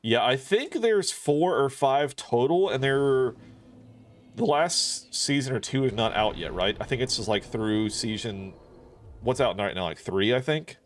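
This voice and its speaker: A man streams a video game, talking in a slightly slow, animated voice of medium pitch. His casual chatter rambles on, thick with fillers and profanity.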